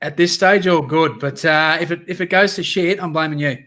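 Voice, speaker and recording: A man's voice: a little high, a little fast, a bit bright. An Australian man co-hosting a live stream, joking and laughing a lot in casual chat. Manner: jokey, laughs often, swears casually. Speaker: co-host of a live reselling show.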